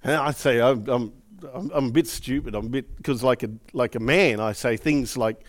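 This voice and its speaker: Speaking at medium pitch and a normal speed, a middle-aged pastor preaches with emotive, lively storytelling. He recounts personal experiences and performs the quotes within them.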